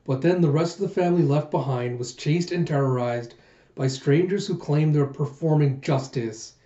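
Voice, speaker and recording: Brief: vengeful male shogun read by a man, resentful, slightly high voice, dull recording. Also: moderate pace, mellow, close to an everyday voice. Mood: bitter. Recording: muffled echoey room recording.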